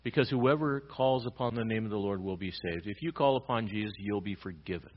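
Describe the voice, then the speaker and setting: A man pastor preaching a sermon, swinging between loud emphatic lines and quiet low ones. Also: fairly quick, highs cut off.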